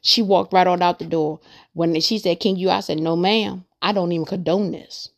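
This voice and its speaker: A woman with a low, gravelly voice gives a loose, personal talk about her faith. She rambles earnestly and circles back to repeat her points so they land. Her voice carries a steady crackle of vocal fry. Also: normal speed. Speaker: podcast host. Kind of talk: casual faith monologue.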